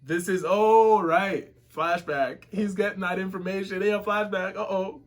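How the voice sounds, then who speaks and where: High-voiced excitable man reacting. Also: a little slow. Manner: excitable, slangy, exclamatory. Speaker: webtoon reactor. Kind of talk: casual reaction commentary.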